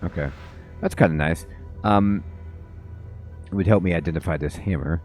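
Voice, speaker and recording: A man's voice: sits low, moderate pace, darkish tone, soft background music. A man giving casual, offhand commentary while playing a game, with many ums. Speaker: let's play host.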